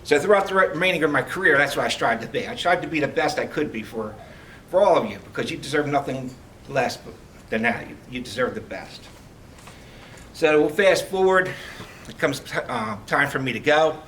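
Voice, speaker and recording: A middle-aged man giving a heartfelt farewell speech as a retiring police lieutenant, telling stories with halting restarts. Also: fairly high pitch, expressive, fairly bright tone. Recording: distant mic, faint background noise.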